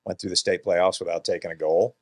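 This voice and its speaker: Brief: very low male voice, relaxed guest, chuckles through his stories. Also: fairly quick. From Georgia, USA. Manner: laughs often while telling anecdotes. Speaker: actor and podcast guest. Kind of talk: casual interview storytelling. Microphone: podcast studio microphone.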